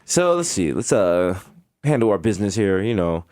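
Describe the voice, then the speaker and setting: A man from the Bronx, co-hosting a podcast with animated, mocking storytelling. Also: sits low, moderate pace. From the Bronx, New York. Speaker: podcast co-host. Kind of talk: casual chat.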